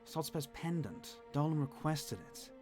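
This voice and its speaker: A man's voice: on the high side, a little slow, music in the background, voice pushed up, close to an everyday voice. A man voicing a nervous, rambling female contact who speaks through a message stone, hesitant and full of ums. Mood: flustered.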